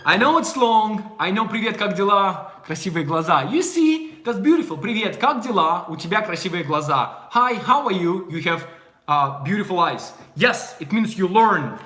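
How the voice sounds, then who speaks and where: A young man with a Russian accent, a native Russian speaker, teaching a casual language lesson in a playful, animated way. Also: sits high, normal speed, reverberant. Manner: animated, playful, puts on voices in anecdotes.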